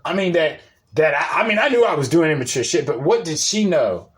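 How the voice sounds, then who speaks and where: A man's voice: a little high, lively intonation, fairly quick. A young man giving a casual, profane, rambling monologue and laughing often. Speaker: podcast host.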